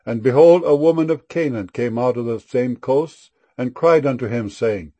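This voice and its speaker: A man giving a solemn, measured scripture reading. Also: mid-range voice, warm tone.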